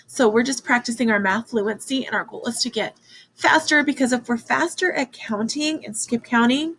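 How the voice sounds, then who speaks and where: A woman teaching a children's math lesson, excited and encouraging as she counts along with her class. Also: on the high side, moderate pace, a little hiss or hum, rough recording.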